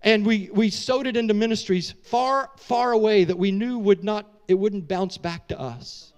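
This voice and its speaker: A middle-aged male pastor preaching a sermon as a story, animated and emotional, with casual asides to the congregation. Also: high-pitched, moderate pace, clear, resonant tone.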